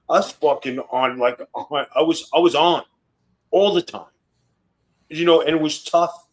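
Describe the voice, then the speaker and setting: A man's voice: on the high side, low-quality recording. A man in his fifties, a former wrestler guesting on a podcast, telling stories in a blunt, profane, swaggering way. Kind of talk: casual podcast storytelling.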